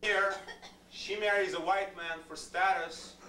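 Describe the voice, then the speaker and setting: A man's voice: high voice, fairly even intonation, measured pace, sharp tone. A man speaking at a public board meeting, ranting angrily with insults and demands. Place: meeting room, indoors. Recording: echoey room from far off, faint noise.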